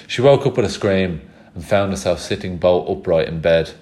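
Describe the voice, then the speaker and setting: A man reading a children's novel aloud in a steady, measured storytelling manner. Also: low-pitched. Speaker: audiobook reader.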